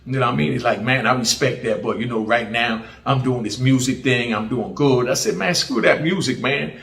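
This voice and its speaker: A man's voice: medium pitch, steady tone, fairly quick, vocal fry, a bit bright. A man with a mixed Jamaican and American accent tells prison stories in casual street slang, often asking "you know what I mean". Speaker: former prisoner telling stories. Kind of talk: casual storytelling. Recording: roomy echo.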